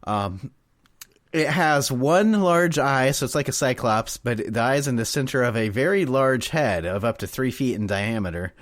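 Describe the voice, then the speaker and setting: A man's voice: mid-range voice, animated, moderate pace, no room sound, studio quality. A man co-hosting a casual podcast, rambling and laughing often as he explains a topic. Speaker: podcast co-host. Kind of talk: casual chat.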